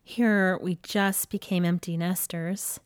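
Forties woman, co-host and ministry leader, candid and lively storyteller in casual spousal chat. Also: fairly low pitch, slow pace, smooth. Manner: candid, animated storytelling with laughs.

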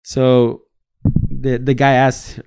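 Young man from El Salvador, podcast co-host, animated storytelling, acts out quotes, frequent laughter. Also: mid-range voice, extremely slow, gravelly, clear, resonant tone. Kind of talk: casual storytelling chat.

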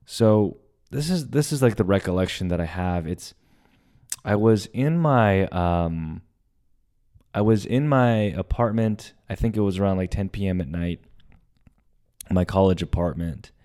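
A young man hosting a podcast, telling a personal story in a casual, animated way and acting out the quoted lines. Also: sits low, unhurried. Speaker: podcast host.

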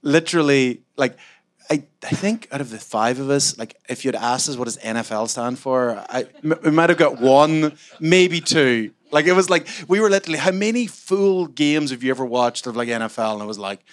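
A man from Scotland, a startup founder, answering onstage interview questions in a rambling, animated way full of fillers and self-mocking asides. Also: mid-range voice, moderate pace. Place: event room with a live audience.

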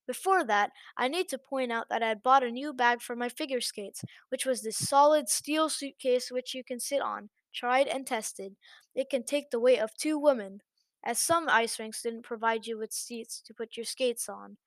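A woman narrating an online story as the host of a channel, in a lively, chatty manner. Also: fairly high pitch, moderate pace, dry recording.

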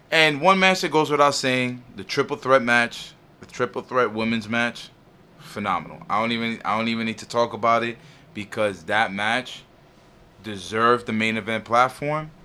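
Male podcast co-host; bright tone, animated, slangy, laughs a lot. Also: mid-range voice, moderate pace, smooth. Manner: animated, slangy, laughs often, does impressions. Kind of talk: casual chat.

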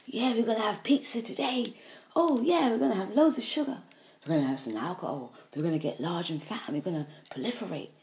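A woman's voice: mid-range voice, slight background noise, natural voice. A woman voicing a gang of greedy body parasites that gloat and cheer over junk food. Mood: gleeful. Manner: excited, gloating, rushing. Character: gleeful greedy body parasites, a noisy crowd.

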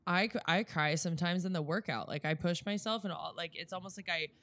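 A woman's voice: lowish voice, a little fast, a bit bright, no room sound. A young woman co-hosting a podcast, chatting in a breezy, joking way. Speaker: podcast co-host. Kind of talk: casual chat.

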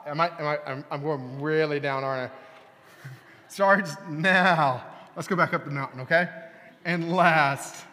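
A man in his thirties preaching a lively sermon, playful and talking straight to the room with bursts of excitement. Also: medium pitch, long reverb tail. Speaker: youth pastor. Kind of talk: lively sermon to a young crowd. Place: large church hall.

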